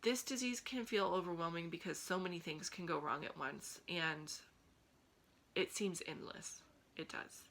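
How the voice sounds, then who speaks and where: Woman vlogger, heartfelt and pleading to camera, bright, lowish voice. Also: a little slow, poor audio. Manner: earnest, pleading, encouraging.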